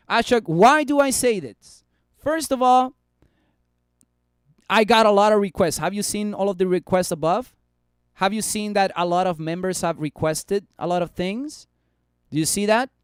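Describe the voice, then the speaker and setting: Male streamer, high clear voice, casual chart talk, dry close mic. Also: no echo. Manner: chatty, bantering with chat. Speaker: stock market streamer. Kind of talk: casual live stock analysis.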